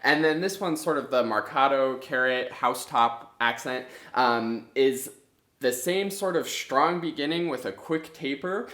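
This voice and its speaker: A man teaching music in an instructional video, explaining step by step in a clear, methodical way. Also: mid-range voice, unhurried, fairly bright tone. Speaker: clarinet teacher. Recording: echoey room.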